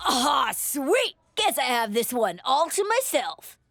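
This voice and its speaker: A woman's voice: sits high, very animated, slow pace, creaky, a bit bright, faint music behind, exaggerated voice. A woman voicing a brash, showy schoolboy in a cartoon.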